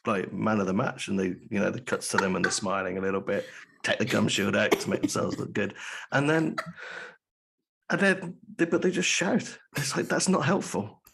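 Casting: male rugby pod co-host, low gravelly husky voice, dry exasperated delivery. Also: normal speed, a bit bright. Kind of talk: casual chat.

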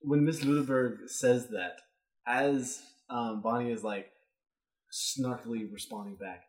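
A man's voice: mid-range voice, steady tone, a little slow, roomy sound. A man playing in a tabletop game, describing his character's actions in a rambling way with lots of fillers. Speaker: player. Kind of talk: casual tabletop play.

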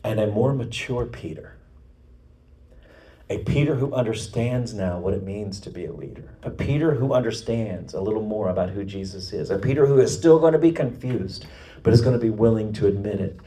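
A male pastor preaching a sermon as a story, rising to loud emphatic peaks and then dropping to a low hush. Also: moderate pace, recorded from a distance. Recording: echoey room, voice off-mic.

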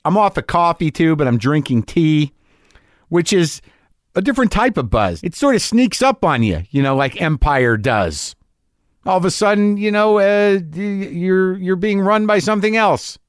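A man's voice: sits high, lively intonation, moderate pace, smooth, dry recording, studio quality. A man hosting a podcast, talking in a rambling, confessional, self-deprecating monologue that stammers and restarts when he gets worked up. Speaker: podcast host.

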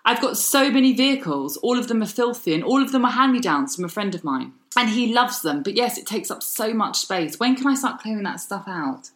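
A woman on a podcast who speaks in an animated voice that swings widely in pitch. She teases her co-host playfully and keeps the conversation moving. The recording has a roomy echo. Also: a little fast, hardly any pauses. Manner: lively, teasing, playful. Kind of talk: casual chat.

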